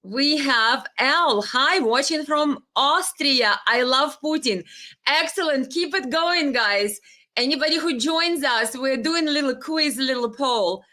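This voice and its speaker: A woman's voice: high voice, a little slow, pushed and bright. A woman hosting a casual live stream, chatting with viewers and greeting them by name, sometimes stumbling over names.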